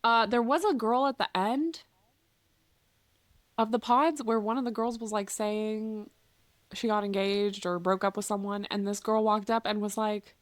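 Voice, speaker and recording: A woman, co-hosting a podcast in casual chat, playful and animated as she tells stories with quick asides. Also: mid-range voice, no room sound. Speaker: podcast co-host.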